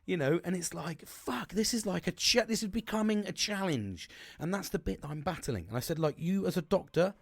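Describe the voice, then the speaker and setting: A man's voice: high-pitched, expressive, brisk, gravelly, husky, no room sound. A young man, talking in a rambling, sweary, casual monologue full of restarts. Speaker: podcast host.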